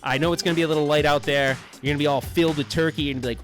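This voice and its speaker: A man chats loosely with his livestream audience, rambling and joking in a slightly raised voice. Faint music plays softly under him. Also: on the high side, steady tone, rapid-fire. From United States. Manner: jokey, rambling, does goofy put-on voices. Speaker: livestream host. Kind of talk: casual livestream chat.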